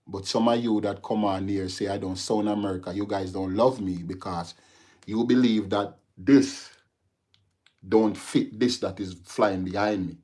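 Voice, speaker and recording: Here a Jamaican-accented host chats with his livestream audience, reacting to their comments as he speaks directly to them. The voice is lowish and a little mellow, and things turn heated as he starts to lecture.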